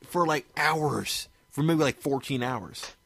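A man's voice: on the high side, slow pace, creaky, fairly bright tone, a little hiss or hum. Laid-back, profane man from Maryland. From Maryland, USA. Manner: laid-back, profane, peppers talk with "you know". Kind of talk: casual chat.

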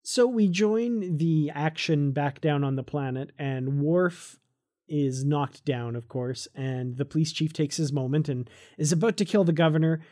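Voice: medium pitch, unhurried, dark tone. A podcast co-host in casual, enthusiastic chat, recapping a comic and laughing often.

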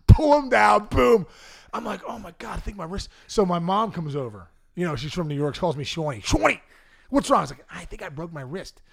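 A middle-aged man from the Pittsburgh area telling comic stories on a podcast, acting out quotes with shouts and laughs. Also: sits high, vocal fry. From Pittsburgh area, USA. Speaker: podcast guest. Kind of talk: comic storytelling.

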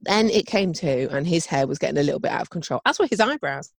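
She talks fast in a low voice while spinning a casual family story, acting out the voices and laughing frequently. The recording has no room sound at all.

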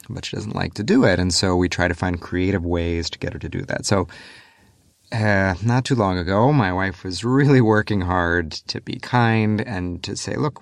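A father tells a personal story in a voice memo, candid and self-critical. His voice sits low and has a gravelly grain. The recording is dry and close. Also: no echo. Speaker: listener sending a voice memo.

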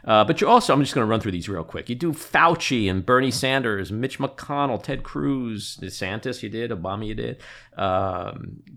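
Middle-aged man, podcast host, lowish gravelly voice, enthusiastic, halting. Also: expressive, pushed and bright. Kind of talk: casual podcast interview.

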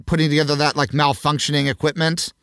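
A man, a podcast guest, chatting casually with a wry, deadpan manner. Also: fairly high pitch, quick pace, smooth, dry recording, clean studio sound. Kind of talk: casual chat.

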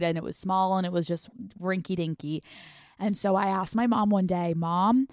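A young woman hosts her podcast in a casual solo monologue. She is animated and jokey and swears freely as she tells stories. The recording is dry and close to the mic, with no room sound. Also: medium pitch, dry recording. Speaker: podcast host.

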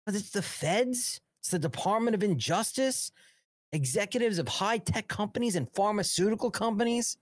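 A man's voice: high-pitched, animated, normal speed, dry recording. Man hosting a live talk show, crude sarcastic rant, voice bouncing all over, dry close mic. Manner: reads news aloud, then riffs on it. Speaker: host.

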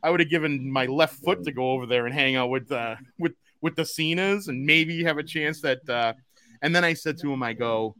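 Laughing, animated New podcast host man. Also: fairly high pitch, brisk, clear, resonant tone, dry recording. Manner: animated storyteller, laughs often, acts out quotes. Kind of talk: casual chat.

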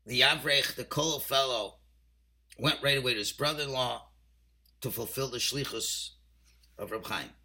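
A rabbi giving an emphatic, story-driven weekly Torah portion talk, mixing in Hebrew and Yiddish terms and swinging between quiet and loud passages. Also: male voice, medium pitch, normal speed, long pauses.

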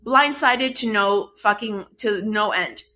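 A young woman recounting a messy personal story in a loose, chatty way. She talks casually, leans on "like" fillers and swears often, in a voice of middling pitch for a woman. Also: slow pace, a little hiss or hum. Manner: animated, swearing, many "like" fillers. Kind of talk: casual chat.

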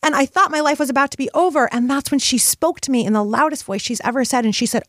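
A woman's voice: sits high, quick pace, few pauses, a bit bright, no room sound, studio quality. A middle-aged woman hosting a motivational podcast, speaking in an impassioned, emphatic, spiritual way. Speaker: podcast host.

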